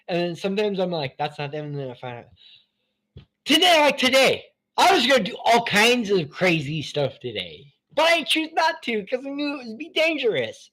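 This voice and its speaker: A man hosting a live stream from his phone, rambling between topics in an excitable, profane way. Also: high voice. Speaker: channel host.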